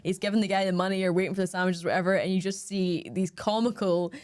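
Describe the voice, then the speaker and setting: A woman's voice: fairly low pitch, fast. Chatty woman co-hosting a podcast. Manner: chatty, animated retelling with laughs. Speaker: podcast co-host. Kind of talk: casual film chat.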